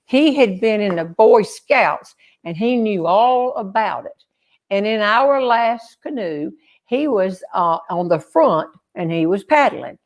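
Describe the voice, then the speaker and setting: Older woman, comic storyteller, animated delivery, acts out the other voices. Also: medium pitch, slow. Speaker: humorist storyteller.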